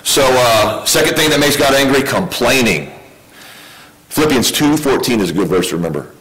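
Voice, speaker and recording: Male preacher, mid-pitched voice, casual sermon delivery with frequent questions to the congregation. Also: expressive, normal speed, fairly bright tone, poor audio. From United States. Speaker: pastor.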